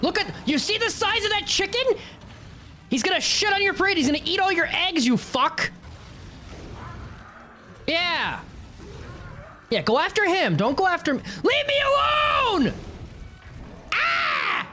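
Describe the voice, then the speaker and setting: A woman streaming gameplay with live commentary, swearing and yelling at the monsters on screen, swinging from low mutters to shrieks. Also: expressive, moderate pace, long pauses, slight background noise. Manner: swears a lot, yells at monsters.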